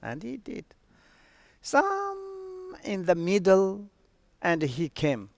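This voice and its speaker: A man telling a story as a Buddhist teacher, in halting with many fillers. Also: high-pitched, huge pitch swings, dry recording. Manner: halting non-native English with fillers. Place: online stream.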